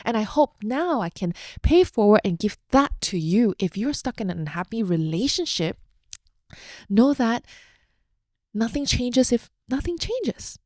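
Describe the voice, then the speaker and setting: A woman's voice: fairly high pitch, sing-song, measured pace, a little mellow, no room sound, clean studio sound. A young adult woman hosting a podcast, sharing a personal story in an open, heartfelt, chatty way with fillers. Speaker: podcast host.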